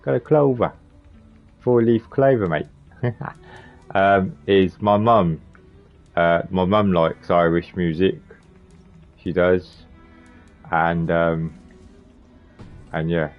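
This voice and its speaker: A man's voice: deep voice, fairly even intonation, slow pace, long pauses, faint music behind. A man streaming a video game live, rambling casually and chatting to his viewers by name. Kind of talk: casual live gameplay commentary. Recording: slightly muffled lo-fi stream audio.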